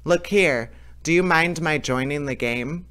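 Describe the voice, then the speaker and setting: A man's voice: fairly high pitch, measured pace, sharp tone, smooth. A man reading as a fearless cocky young hero. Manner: cheerful, unbothered, cocky. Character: bold fearless young man who cannot shudder. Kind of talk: storybook reading.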